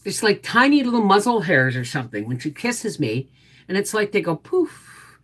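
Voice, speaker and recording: A middle-aged woman hosting a casual live chat, cooing at her dog in a high baby voice between chatty talk to her viewers. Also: big pitch swings, normal speed. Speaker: homestead livestream host.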